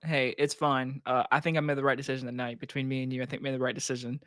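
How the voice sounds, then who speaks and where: A young man co-hosting a podcast in casual chat, animated and ranting, swearing freely. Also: mid-range voice, racing, dry recording, studio quality. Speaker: podcast co-host.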